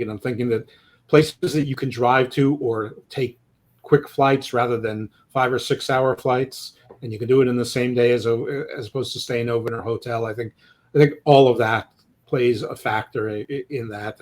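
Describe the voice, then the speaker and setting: A man co-hosting a casual sports podcast, rambling with stammered restarts and self-deprecating jokes. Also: medium pitch. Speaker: podcast co-host.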